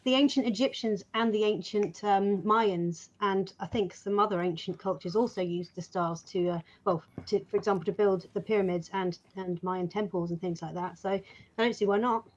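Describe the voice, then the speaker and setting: A woman's voice: mid-range voice, steady tone, normal speed. Dry-witted woman, muffled sound. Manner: dry, teasing. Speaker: co-host. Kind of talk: casual chat.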